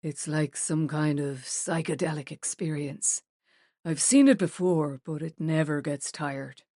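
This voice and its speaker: A woman doing a soft-spoken middle-aged man. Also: a little slow, no echo, clean studio sound. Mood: tender. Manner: soft, lowered voice.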